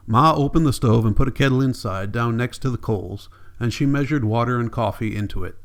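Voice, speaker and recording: A man narrating an audiobook in a calm, even storytelling voice. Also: mid-range voice, brisk, few pauses. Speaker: audiobook reader.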